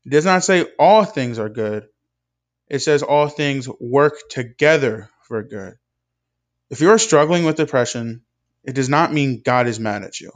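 A young man giving a scripted devotional talk with an earnest, measured preaching cadence. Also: mid-range voice, fairly bright tone. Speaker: speaker in a devotional video.

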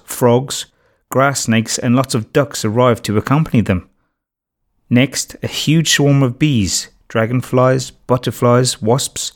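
A man narrating a children's storybook in a steady, measured reading voice. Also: medium pitch. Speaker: audiobook narrator.

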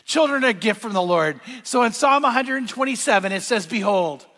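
Older guy preaching a sermon, high bright voice, big hall with long echo. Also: lively intonation, fairly quick. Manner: storytelling, asks the audience questions. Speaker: pastor.

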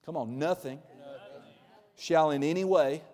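A man's voice: on the high side, measured pace, long reverb tail. Emphatic preacher man in his forties. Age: 40s. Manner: emphatic, swings from loud bursts to quiet intimate asides. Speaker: pastor. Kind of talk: sermon.

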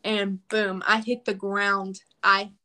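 Woman, podcast guest, casual storytelling, animated and emphatic, mid pitch. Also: slow. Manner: animated, emphatic retelling with quoted prayers.

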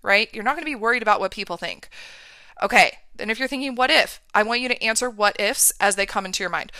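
Woman coach hyping up her listeners, smooth clear voice, dead dry sound, lots of "right?". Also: mid-range voice, fast, pushed and bright, dry recording. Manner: emphatic, keeps checking in with "right?" and "okay". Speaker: mindset and business coach for women. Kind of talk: motivational talk to listeners.

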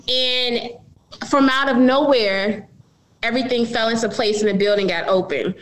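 A middle-aged businesswoman speaks with a fairly high voice, earnest and candid as she tells her story in an interview. She often turns to her listeners and calls them y'all. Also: normal speed, slight background noise, rough recording. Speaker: business owner, guest.

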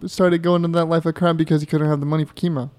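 A man's voice: a little high, level tone, very fast, a little mellow, smooth. A laid-back man co-hosting a casual family podcast, with a casual way of talking. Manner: laid-back, says dude a lot. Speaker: podcast co-host.

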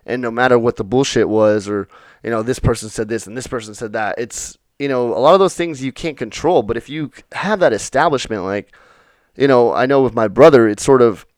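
A man's voice: mid-range voice, a little fast, no room sound. Young guy, solo podcast host, loose and profane, tells unrehearsed stories in a dry, close sound. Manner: rambling and profane, full of "you know" fillers. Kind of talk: unrehearsed storytelling monologue.

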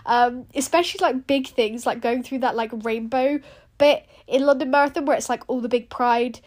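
A young woman talks in a casual solo podcast chat, her voice sitting a little high. She is chatty and lively, scattering "like" through her sentences as she tells her story. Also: moderate pace. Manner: chatty and animated, frequent "like" fillers. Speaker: running podcast host.

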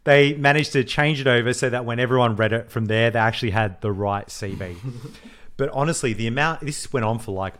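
A man, co-hosting a podcast and telling a story in casual chat, animated, swearing freely and acting out the voices he quotes. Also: fairly low pitch. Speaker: podcast co-host.

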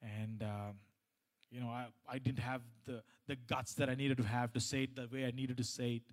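Male pastor delivering a sermon, rising to loud high emphasis, dropping low for stories, mid pitch. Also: little pitch movement, normal speed. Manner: swings from loud emphatic preaching to quiet personal storytelling; many restarts and repeated phrases.

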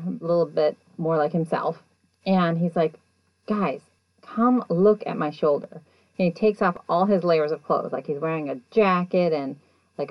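A woman casually retelling events in a chatty, animated way, acting out what people said. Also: on the low side, dry recording, lo-fi sound. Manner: chatty, animated, acts out quotes. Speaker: show recapper. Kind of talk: casual storytelling recap.

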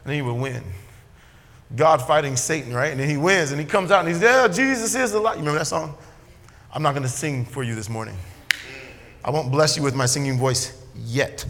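A man preaching a sermon as a pastor, swinging between loud emphatic lines and quiet asides. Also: medium pitch, a little fast, pauses often, long reverb tail, a little hiss or hum.

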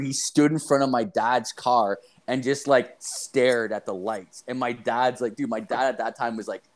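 A young man telling a rambling, profane story in casual chat, full of fillers and animated asides. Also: mid-range voice.

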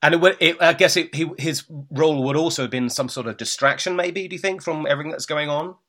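A man's voice: a little high, fast talker, a bit bright. A man hosting an interview, chatting casually and rambling with many fillers. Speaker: interviewer host.

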